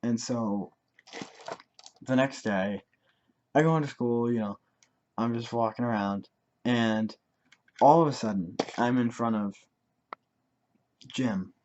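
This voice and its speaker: A man's voice: medium pitch, slow, long pauses, darkish tone, dull audio, a little hiss or hum. A teenage boy telling a story from his life in a rambling way, full of fillers. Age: teens. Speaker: vlogger. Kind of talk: casual storytelling.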